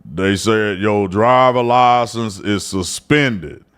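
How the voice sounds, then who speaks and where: A man imitating his elderly grandfather with a slow, low, drawling old-man voice. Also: fairly bright tone, clean tone.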